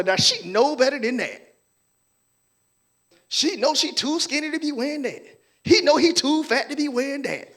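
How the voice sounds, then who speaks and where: A man preaching a sermon as pastor, playful and animated, acting out people's voices and laughing with the congregation. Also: very high-pitched, normal speed, pauses often.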